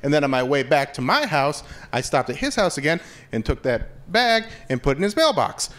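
A man's voice: fairly high pitch, big pitch swings, brisk, a bit bright. A man doing a stand-up comedy set on stage, telling stories in a wry, conversational way into a handheld mic. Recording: live room with audience noise.

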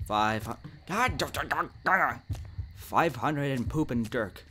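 A man's voice: medium pitch, animated, slow, sharp tone, a little hiss or hum. A young man in a let's play horror game commentary, jumpy, talking back to the monster, with nervous laughs and sudden yelps. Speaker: gaming channel host.

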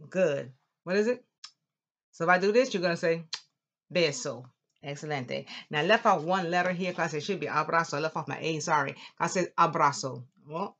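Low-voiced woman teaching a Spanish class. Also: gravelly. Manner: lively, drills words slowly for the class to repeat. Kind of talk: classroom language lesson.

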